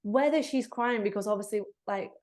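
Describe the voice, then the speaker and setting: A woman talks as a guest on a podcast. Her voice sits at a middle pitch. She speaks in a warm, animated way, full of "like" and "you know". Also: normal speed. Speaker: guest, breathwork facilitator. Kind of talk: casual interview chat.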